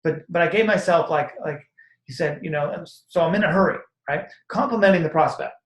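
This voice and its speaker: A man's voice: fairly high pitch, a little fast. A man giving a casual, rambling motivational talk as a network marketing coach, acting out sample conversations with lots of energy. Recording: echoey room.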